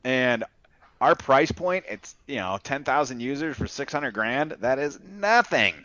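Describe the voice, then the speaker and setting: A man's voice: mid-range voice, animated, unhurried, bright, forceful tone, no echo, dull audio. A man giving casual, blunt, profane sales advice, talking loosely with lots of fillers. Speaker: enterprise sales rep coaching a colleague.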